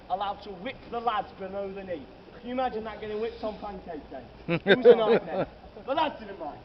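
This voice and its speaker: A man's voice: high voice, recorded from a distance. A man, leading a comic ghost walk outdoors at night and telling tales to his group with theatrical flair. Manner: theatrical, jokey, addresses the crowd as sir and madam. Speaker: ghost walk tour guide. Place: outdoors on city streets at night. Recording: lo-fi with loud street noise.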